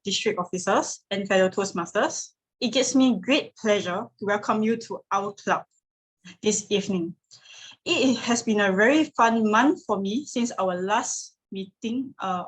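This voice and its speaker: A woman's voice: mid-range voice, husky, low-quality recording. A woman giving the opening address at an online club meeting in a friendly way, with frequent fillers. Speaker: club president. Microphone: video call.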